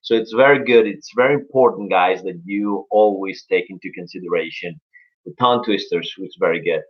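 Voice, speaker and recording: A man's voice: low-pitched, brisk, husky, highs cut off. Upbeat man teaching English. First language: Spanish. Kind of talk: live-streamed English lesson.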